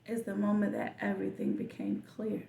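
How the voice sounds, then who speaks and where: A woman hosting a podcast, telling a personal story in a slow, reflective way with soft whispered asides. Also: medium pitch, level tone, creaky, distant mic, a little hiss or hum. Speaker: podcast host. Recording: echoey room, voice a bit off-mic.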